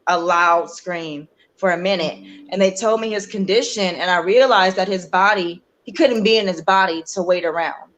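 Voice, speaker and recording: Earnest woman telling a personal story. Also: medium pitch. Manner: earnest, halting, with many fillers and restarts. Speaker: guest sharing her story.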